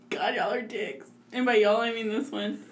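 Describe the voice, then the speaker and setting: A woman's voice: on the high side, roomy sound, slight background noise. A woman, co-hosting a casual podcast chat with friends, giggly and teasing, often laughing. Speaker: podcast co-host.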